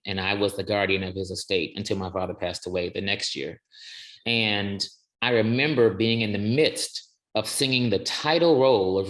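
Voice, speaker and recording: A man's voice: lowish voice, a bit bright. A male singer, a guest in an interview, tells a personal story with earnest, emphatic declarations. He thinks aloud and restarts his sentences. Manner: earnest and emphatic, builds slow deliberate declarations.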